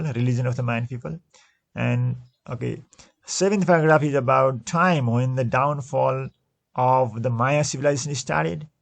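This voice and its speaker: A man with a gravelly, mid-range voice teaches a class, working through textbook exercises. He goes slowly and repetitively, restating answers and frequently correcting himself.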